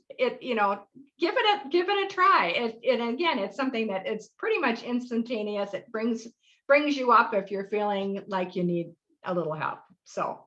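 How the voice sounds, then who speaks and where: A woman's voice: mid-range voice, fairly bright tone, dull audio. A middle-aged woman hosting a live webinar workshop, explaining practices in a friendly, rambling way with fillers. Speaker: workshop host.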